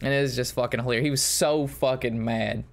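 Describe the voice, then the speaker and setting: A man's voice: mid-range voice, fairly even intonation, a little fast, creaky. A man streaming and telling stories in a casual, rambling and profane way. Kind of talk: casual storytelling while streaming.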